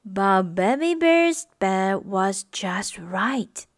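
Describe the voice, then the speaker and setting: A woman reading a children's story aloud in a slow, expressive, singsong way. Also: mid-range voice, no room sound, clean studio sound.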